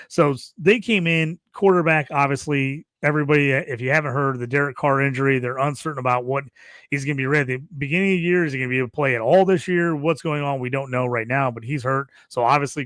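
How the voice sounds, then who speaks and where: A man's voice: mid-range voice, no echo. Man ranting in a dry, close sound. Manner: animated, rants with acted-out quotes. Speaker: podcast co-host. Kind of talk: casual sports chat.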